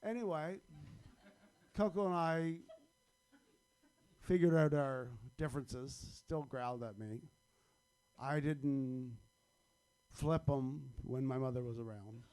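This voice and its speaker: A man's voice: medium pitch, takes it slowly, pauses often, mellow. A man telling a darkly comic personal story on stage at a live storytelling event, wry and chuckling at his own punchlines.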